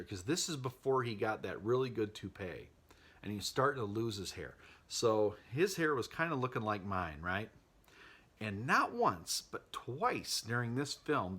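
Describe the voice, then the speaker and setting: A man's voice: mid-range voice, a bit bright, breathy edge. A man casually recapping a movie he loves, chatty and wry, laughing at the plot. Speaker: movie vlogger.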